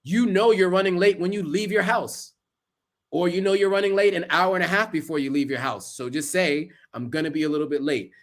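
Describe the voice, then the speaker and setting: A man's voice: high voice, fairly quick. A man giving earnest, casual advice to camera, listing tips with asides along the way. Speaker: vlogger.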